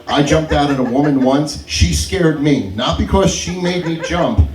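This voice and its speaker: A young man performs stand-up in a roomy club, his voice a little higher than most men's. He rides his stories with lively swings in pitch and chuckles along the way. The mic sits some distance off, so the room rings around him. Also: moderate pace. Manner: animated, laughs through his own stories. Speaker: stand-up comedian. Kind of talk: open mic stand-up storytelling. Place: comedy club stage.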